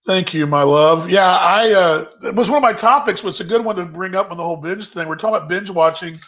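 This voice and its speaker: A chatty man rambles through a virtual happy hour he's hosting from his kitchen, reading viewer comments aloud on a casual video call. His voice is high, fast and fairly bright, and the audio is dull and lo-fi.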